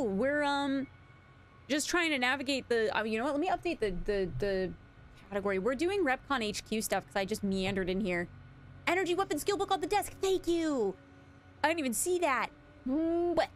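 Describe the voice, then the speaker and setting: Amid slight background noise, a young woman with a high-sitting voice gives casual live-stream commentary on a video game. She giggles, chats with viewers, and reads notes aloud.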